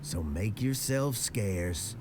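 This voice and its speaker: A shifty blustering pirate deputy. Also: male voice, lowish voice, lively intonation, noisy background. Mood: threatening. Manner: blustering then wheedling, slow deliberate delivery. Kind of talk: video game voice acting.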